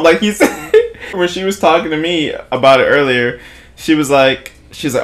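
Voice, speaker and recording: A man's voice: on the high side, moderate pace. A young man vlogging a long, casual story, laughing a lot, swearing freely and acting out what people said. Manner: animated, laughing, profane storytelling with voiced quotes.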